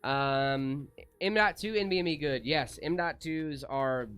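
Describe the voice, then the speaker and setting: A man co-hosting a casual livestream, reading chat aloud and answering in a relaxed, easygoing way. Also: fairly high pitch, measured pace, clear, resonant tone. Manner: laid-back, reads chat aloud, calls people dude. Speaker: livestream co-host.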